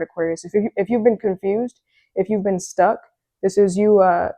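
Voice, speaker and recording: A woman giving a casual, excitable tarot reading, chatty and full of fillers. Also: mid-range voice, dry recording. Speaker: tarot reader.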